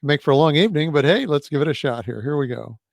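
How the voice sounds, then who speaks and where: A man's voice: a little high, lively intonation, fast talker, vocal fry, no room sound. A man hosting an event, chatting easily and joking while he works through technical problems. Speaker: event host. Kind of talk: casual hosting chat.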